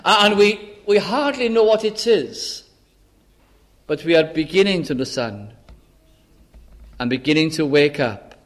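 A man preaching a sermon, impassioned, slowing to stress words and dropping to a hushed voice when he voices a pleading sinner. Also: fairly high pitch, animated.

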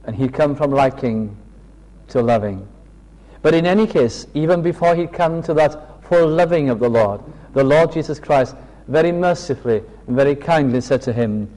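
A man preaching a sermon, telling the story slowly and earnestly and acting out the quoted speech. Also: medium pitch, dark tone. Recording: long reverb of a hall.

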